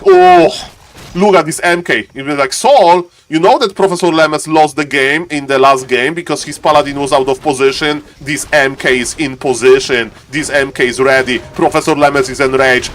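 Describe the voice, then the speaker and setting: A man giving live esports commentary as a streaming caster. He moves from calm chatter straight to viewers into bursts of repeated, high-pitched shouting when the action heats up. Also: moderate pace, a little hiss or hum.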